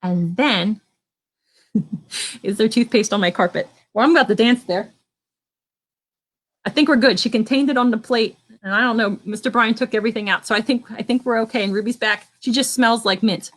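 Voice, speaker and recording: A woman leading an online children's church lesson at home, gently asking the kids questions and encouraging them. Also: fairly high pitch, normal speed.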